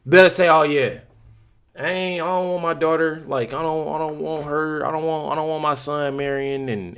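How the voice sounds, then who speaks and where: A man's voice: mid-range voice, a bit bright. A man giving casual commentary on a clip, rambling with many restarts and repeated phrases. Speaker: reaction streamer.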